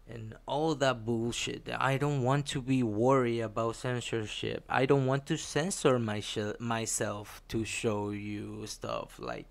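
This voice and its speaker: Slow, low-voiced man venting casually. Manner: profane, rambling, many fillers and restarts; frustrated, venting. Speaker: comic creator. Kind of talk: casual rambling vlog.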